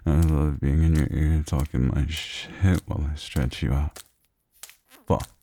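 An exceptionally deep male voice, rough and gravelly, delivering an intimate audio role-play close to the microphone. He murmurs at a slow, unhurried pace with a husky edge. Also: steady tone. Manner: low, close, murmured delivery with soft chuckles. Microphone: close microphone, speaking near the ear.

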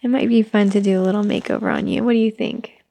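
Woman doing a gentle mommy roleplay, soft soothing voice with a bit of fry. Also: mid-range voice, fairly even intonation, quick pace, no room sound. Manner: gentle, soothing, speaking to a toddler. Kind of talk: soft-spoken mommy role-play.

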